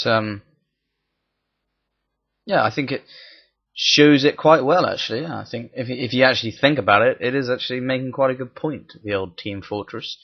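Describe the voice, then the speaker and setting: A man giving rambling gameplay commentary, thinking aloud as he plays and dropping crude, jokey asides. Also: on the low side. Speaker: gaming channel host. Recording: dull lo-fi mic.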